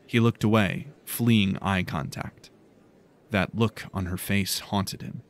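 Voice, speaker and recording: A man reading a fantasy audiobook in calm, measured narration. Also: fairly low pitch.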